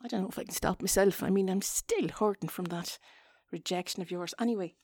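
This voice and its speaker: An Irish woman doing a whispered role-play, soft and breathy, awkward and self-mocking as she keeps stopping to chat. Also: mid-range voice, brisk, no echo.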